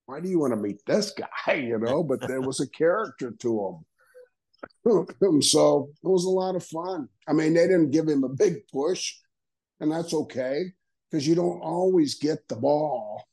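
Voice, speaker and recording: A man's voice: a little high, unhurried, a little mellow, poor audio. An older man, a guest on an interview podcast, telling stories casually and acting out quoted dialogue with frequent laughs. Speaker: guest, retired wrestler.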